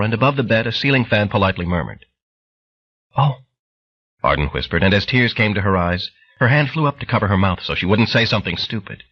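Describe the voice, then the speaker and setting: A low, husky male voice narrating an audiobook with dramatic storytelling. His pitch moves lively across the lines. The sound is dull and lo-fi. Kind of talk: scripted narration.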